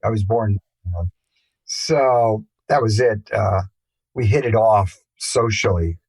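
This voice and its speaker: An older man, a musician guest, telling rambling anecdotes in a relaxed interview, with many fillers and restarts. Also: fairly low pitch, slow pace, slightly rough, dry recording, low-quality recording. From England.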